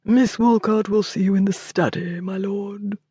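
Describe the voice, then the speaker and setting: A woman voicing a discreet male butler who speaks in a quiet, formal murmur. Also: medium pitch, sing-song, extremely slow, breathy edge, no room sound, studio quality, full character voice.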